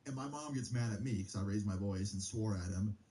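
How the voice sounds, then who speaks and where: A man's voice: fairly low pitch, brisk, dark tone, low-quality recording. A young man telling a personal story in a heated, casual way, swearing freely. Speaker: streamer.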